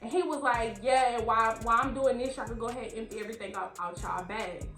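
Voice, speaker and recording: High-voiced young woman telling a story. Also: fast, soft background music. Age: young adult. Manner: animated, acts out the voices in her story. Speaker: vlogger. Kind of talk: casual storytelling. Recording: roomy echo, faint background beats.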